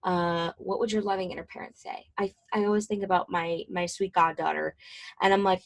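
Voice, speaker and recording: A woman's voice: fairly low pitch, steady tone, a little fast. A woman in her twenties, a mental health counselor, giving a casual, chatty talk to fellow professionals with plenty of fillers and asides. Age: 20s.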